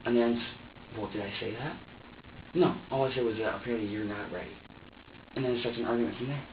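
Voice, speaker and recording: A man's voice: mid-range voice, fast talker, slight background noise. Guy venting and swearing nonstop in an interrogation room, echoey dull audio from a far mic. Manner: agitated, profane, ranting. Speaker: suspect. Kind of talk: police interrogation.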